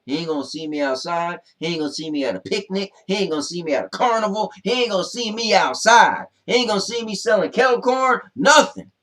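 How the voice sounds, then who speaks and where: A man's voice: a little high, fast talker, hardly any pauses, close to an everyday voice. A man playing Duke, a brash, boastful Southern man with a Southern US accent, co-hosting a comedy show and bragging through the viewer comments. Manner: boastful, blustery, laid-back drawl. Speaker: co-host. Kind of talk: comedic character chat reading comments.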